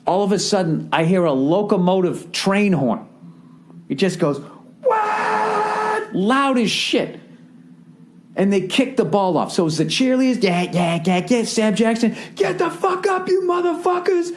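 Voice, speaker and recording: A man in his forties with a Boston accent rants through a comedic podcast monologue. His voice sits fairly high, and he swears freely as he tells the story with lots of energy. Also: moderate pace. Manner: profane, ranting, animated storytelling. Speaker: podcast host.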